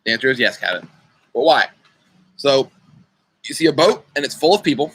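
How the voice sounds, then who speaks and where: A young man with a mid-range, sing-song voice leads an online youth group over a video call, running a riddle game and chatting playfully while addressing the kids by name. He talks a little fast, sounding a bit bright with a breathy edge, and the computer mic gives low-quality audio.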